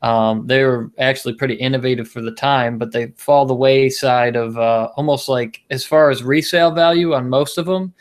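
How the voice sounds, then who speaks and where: A man's voice: medium pitch, steady tone, moderate pace, hardly any pauses. A man co-hosting a casual podcast, talking in a rambling way with many restarts and fillers. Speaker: podcast co-host. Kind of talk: casual chat.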